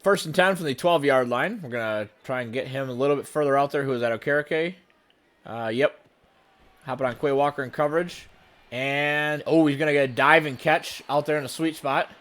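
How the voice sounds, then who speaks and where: A man giving running play-by-play commentary on his own video game session, with sudden bursts of excitement. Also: a little high, fairly quick. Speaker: gaming channel host.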